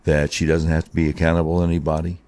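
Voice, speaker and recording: Male talk host, very low voice, dry close sound, opinionated and drawling. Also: level tone, rapid-fire, darkish tone, no echo. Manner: opinionated, drawling, mocking asides. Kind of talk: political talk commentary.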